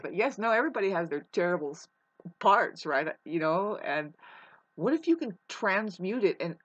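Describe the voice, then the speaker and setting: An astrology vlogger with a lowish voice and big pitch swings talks through astrology at a moderate pace in a casual, rambling monologue. She's emphatic, curses now and then, and calls her listener babe, all in dull lo-fi sound.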